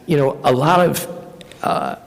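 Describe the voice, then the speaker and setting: A man, an actor guest at a fan convention panel, telling animated anecdotes with casual swearing. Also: on the high side, measured pace, gravelly. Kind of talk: convention Q&A storytelling. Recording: long reverb of a convention hall.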